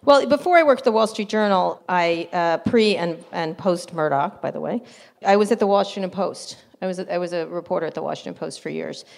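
Guest spot: middle-aged woman reporter, animated raconteur, breaks into laughs mid-story. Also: on the low side, brisk, vocal fry. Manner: animated, laughing asides, acts out quotes. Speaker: interview guest, journalist. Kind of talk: casual storytelling interview.

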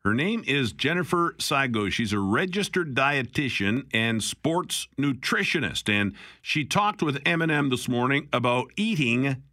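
A man hosts talk radio with a chatty, wry manner. His voice is bright and forward, recorded close on a dry studio microphone. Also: medium pitch, expressive, unhurried, few pauses, no room sound. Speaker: radio host.

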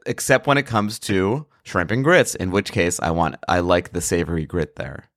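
A man with a lowish voice hosts a relaxed chat, eagerly explaining what he likes to eat. His voice sounds dry and close, with no room around it. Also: normal speed, no echo. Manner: enthusiastic, explanatory. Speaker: podcast host. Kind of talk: casual podcast chat.

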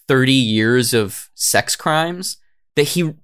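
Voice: mid-range voice, lively intonation, slow pace, fairly bright tone, smooth. A podcast co-host casually recapping a documentary, swearing often. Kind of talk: casual comedic chat.

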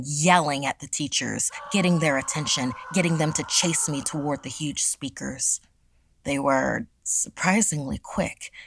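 A woman narrating a scripted horror story in a measured, dramatic way. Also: deep voice, vocal fry, a bit bright, slightly rough, no echo.

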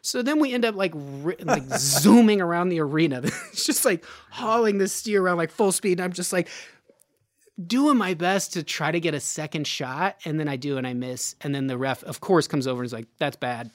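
A man on a podcast telling a story casually, laughing as he goes and jumping up high for the voices of people he quotes. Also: expressive, moderate pace, dry recording, clean studio sound. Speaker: podcast guest.

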